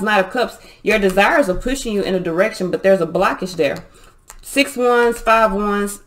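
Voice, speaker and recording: A woman reads tarot cards for her viewers in a loose, casual way. She talks bluntly, swears freely and gets emphatic when she makes a point. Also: medium pitch. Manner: blunt, profane, fired-up and emphatic. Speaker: tarot reader.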